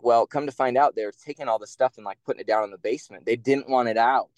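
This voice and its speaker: A man, a former campaign staffer, telling stories in a casual interview in a blunt, profane and animated way. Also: mid-range voice, fast, no room sound.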